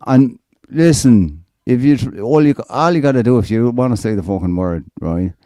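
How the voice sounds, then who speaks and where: This man talks low and mellow, cracking crude jokes and swearing as he co-hosts a live stream. The sound is close and dry, with nothing around it. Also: fast talker, few pauses, no echo. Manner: crude, joking, loud bursts. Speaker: stream co-host. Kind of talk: casual chat.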